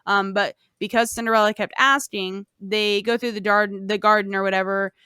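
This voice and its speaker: A woman's voice: medium pitch, fairly even intonation, moderate pace, sharp tone, clean tone, no room sound, clean studio sound. A woman hosting a podcast, retelling a fairy tale in a casual, profane, rambling way. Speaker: podcast host. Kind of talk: casual storytelling.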